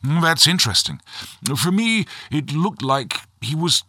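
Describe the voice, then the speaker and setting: Casting: a man doing a smooth TV presenter, bright and dry-sounding. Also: fairly high pitch, sing-song, unhurried, no echo, voice pushed up, full character voice. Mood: presenterly. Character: plummy male arts and nature TV presenter. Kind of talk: mock broadcast presenting.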